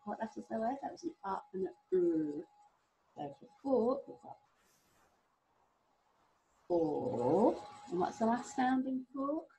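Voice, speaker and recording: A middle-aged woman teaching a phonics lesson to young children, sounding out letters slowly with a sing-song, encouraging manner. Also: a little high, big pitch swings, creaky, warm tone, slight background noise, rough recording. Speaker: primary school teacher.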